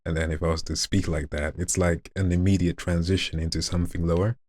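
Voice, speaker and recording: A man's voice: sits low, level tone, fast, darkish tone. A young man, a voice actor, casually explaining and demonstrating vocal techniques in a playful way. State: throat strained. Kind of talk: casual voice-acting demo vlog.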